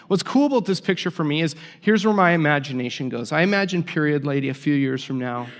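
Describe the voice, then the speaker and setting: A man preaching a sermon as a pastor, telling a story with lively, acted-out voices for the people in it. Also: a little high, quick pace, long reverb tail.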